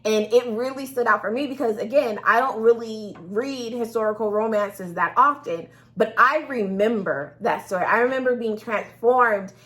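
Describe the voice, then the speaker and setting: A woman's voice: a little high, normal speed, hardly any pauses, a bit bright. A woman co-hosting a casual chat about audiobooks, enthusiastic and gushing, laughing often. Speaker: podcast co-host.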